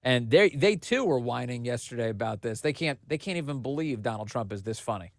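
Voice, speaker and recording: A man's voice: medium pitch, animated, fairly quick, no room sound, studio quality. A man hosting a political commentary podcast, talking in a mocking, sarcastic way and laughing at what he covers. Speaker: podcast host.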